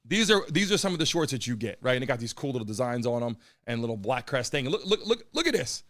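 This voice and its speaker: A man hosting a live streamed talk show, brash and profane, a little hoarse as he talks to his chat. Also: medium pitch, fast, a bit bright. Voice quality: a bit hoarse, froggy. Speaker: host of a live call-in show.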